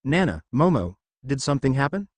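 A man's voice: medium pitch, big pitch swings, fairly quick, no echo. A man reading the lines of a cheerful, friendly young alien princess in a fan story reading. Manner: bright, friendly.

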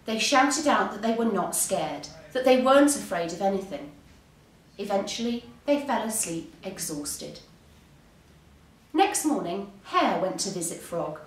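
A woman teacher reads a bedtime story, slow and lively in pitch. Her voice sounds roomy and set back from the mic. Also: recorded from a distance. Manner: expressive, unhurried storytelling. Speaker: English teacher.

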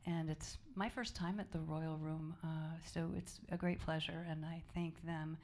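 A woman jazz singer in relaxed, chatty stage banter between songs at a small club, speaking softly with easy fillers and asides. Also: low-pitched, a little slow. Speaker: jazz vocalist leading a band. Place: small live music club, indoors. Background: jazz band instruments.

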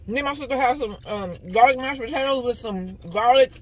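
This is a woman vlogger eating on camera inside a car. Her voice is husky and sits a little high. She talks casually and at ease, telling stories to her viewers. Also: fairly quick, low-quality recording. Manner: relaxed, chatty storytelling to viewers. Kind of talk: casual mukbang chat.

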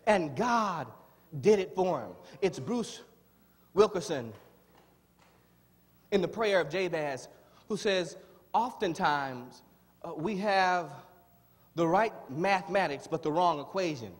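A man preaching a sermon as pastor, rising from plain talk into shouted, pleading prayer with drawn-out words. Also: high voice, lively intonation, breathy edge. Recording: long hall reverb.

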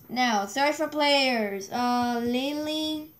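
Slow, high-voiced woman chatting while gaming. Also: fairly bright tone. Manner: chatty, easily exasperated, talks to herself. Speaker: gaming video creator. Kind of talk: casual running commentary while gaming. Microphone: phone microphone.

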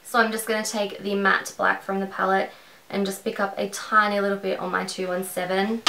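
A woman's voice: medium pitch, vocal fry, roomy sound, background noise. A woman with an Australian accent talking through a makeup tutorial in a rambling, conversational way, at home. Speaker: beauty vlogger.

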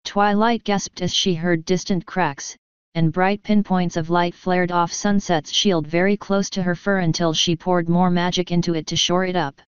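A woman narrating a fan fiction story in an even, steady reading, in a slightly dull, dry recording. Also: lowish voice, normal speed, clear, resonant tone, no room sound.

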